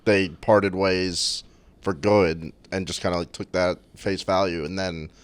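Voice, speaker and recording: Very deep-voiced man on a podcast. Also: fairly even intonation, a little slow, smooth. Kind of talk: casual podcast chat.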